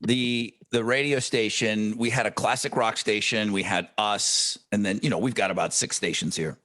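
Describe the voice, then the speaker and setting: A man's voice: lowish voice, moderate pace. A man co-hosting a podcast in casual chat, telling stories with plenty of swearing. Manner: animated storyteller, swears freely. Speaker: podcast co-host; radio host.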